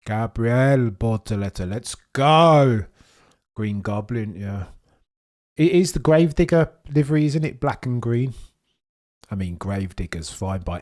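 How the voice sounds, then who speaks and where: A man hosting a live watchalong stream, rambling and joking as he chats with viewers, sometimes eating as he talks. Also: on the low side. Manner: rambling, jokey, excitable, talks to chat; eating while talking. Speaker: livestream host.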